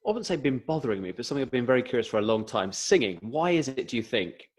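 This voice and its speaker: A man's voice: mid-range voice, very animated, fast talker. A man co-hosting a podcast over a video call, joking around and asking curious questions. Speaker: podcast co-host. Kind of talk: casual podcast chat.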